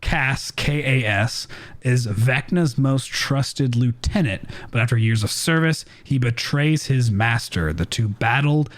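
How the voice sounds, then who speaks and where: A man's voice: medium pitch, a little slow. A man co-hosting a podcast, chatting casually and animatedly and quoting characters. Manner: animated, laughs, quotes characters. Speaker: podcast co-host. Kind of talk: casual chat.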